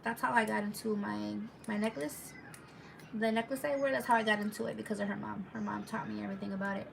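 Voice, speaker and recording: A woman's voice: medium pitch, level tone, quick pace, vocal fry, recorded from a distance, background noise. A woman telling a story casually on a live stream, rambling and chatty with lots of asides to her viewers, reading their comments aloud as she goes.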